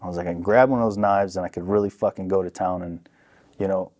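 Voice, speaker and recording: A young man telling a story on a podcast in a casual, profane, animated way, acting out what people said. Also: low voice, fast talker. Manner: profane, animated, acts out quotes. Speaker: podcast guest.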